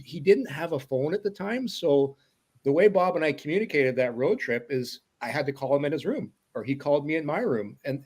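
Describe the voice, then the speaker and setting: A middle-aged man co-hosting a sports podcast, telling stories animatedly. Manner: animated storyteller, lively pitch swings. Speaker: co-host, former color commentator. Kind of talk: casual podcast chat.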